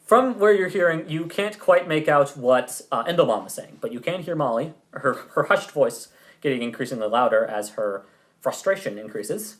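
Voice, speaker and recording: A man's voice: medium pitch, expressive, moderate pace, fairly bright tone. A man running a tabletop game as game master, narrating in a loose, chatty way with laughing asides.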